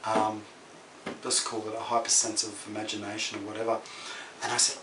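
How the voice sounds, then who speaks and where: A man telling a spooky story in a casual way, swinging from loud exclamations to hushed whispers. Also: fairly low pitch, level tone, fast talker. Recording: echoey room, mic far off, noisy.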